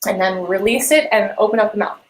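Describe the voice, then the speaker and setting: A woman vocal coach leading a live-streamed warm-up lesson, encouraging and gently guiding listeners through sung exercises. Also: mid-range voice, fast talker, rough recording. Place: home room with a piano.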